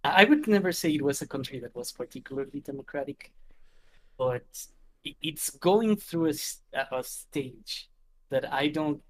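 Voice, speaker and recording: A man's voice: fairly high pitch, lively intonation, moderate pace, a bit bright. A man co-hosting a casual political podcast, hesitant with frequent restarts. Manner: hesitant, restarts, laughs often. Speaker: podcast co-host.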